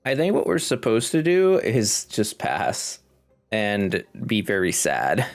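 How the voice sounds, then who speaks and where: A man's voice: fairly low pitch, huge pitch swings, slow pace, gravelly, faint music behind. A congested man casually commenting on his game as he plays, thinking aloud and chuckling. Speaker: gaming video host.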